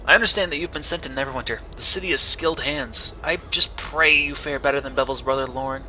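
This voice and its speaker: A man voicing a worried old village widow, speaking softly, slowly and mournfully. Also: mid-range voice. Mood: sad. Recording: slightly dull recording with faint hiss.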